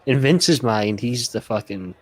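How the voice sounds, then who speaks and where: A man talking slowly and unhurriedly on a podcast, dropping dry asides and the occasional swear word. His pitch is middling and his delivery is laid back. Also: animated, poor audio. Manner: dry, wry remarks with swearing. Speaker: podcast co-host. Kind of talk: casual podcast chat.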